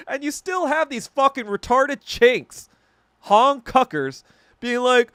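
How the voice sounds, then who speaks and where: A man with an extremely high-pitched, very animated voice speaks slowly, his tone fairly bright and clean, in clean studio sound with no echo. As a podcast host, he gives a casual, profane, heated rant, rambling and frequently correcting himself.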